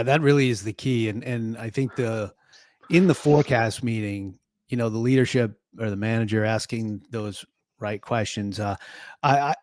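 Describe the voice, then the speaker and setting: A man co-hosting a podcast, calmly explaining ideas in casual chat with fillers. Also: fairly low pitch, no room sound, studio quality. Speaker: podcast co-host, sales consultant.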